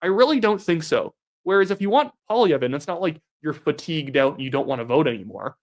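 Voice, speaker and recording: A man's voice: fairly high pitch, very animated. A young man giving solo political commentary in a combative, sarcastic manner. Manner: sarcastic, combative, rapid reactions.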